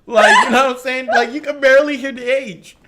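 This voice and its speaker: A man's voice: very high-pitched, fairly quick. A man with a Louisiana accent, a podcast co-host chatting casually and telling stories with lots of laughter and cursing. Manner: animated, laughs often, profane storytelling. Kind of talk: casual chat.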